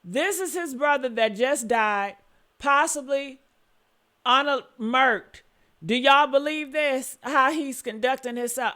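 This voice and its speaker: High bright-voiced woman ranting. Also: slow pace. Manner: angry, yelling and cursing, then apologetic. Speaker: commentator reacting to an interview. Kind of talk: heated reaction commentary.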